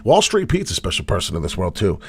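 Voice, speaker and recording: A man hosting a casual livestream, commenting on charts in a blunt, swearing way, with loud bursts of hype and low mutters. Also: huge pitch swings, quick pace, husky. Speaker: crypto chart host.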